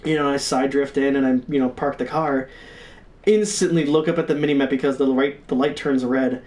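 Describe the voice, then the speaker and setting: A young man telling gaming stories in a casual, profane, animated way. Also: mid-range voice, brisk, distant mic. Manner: profane, animated, reenacts his own yelling. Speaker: stream co-host. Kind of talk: casual storytelling.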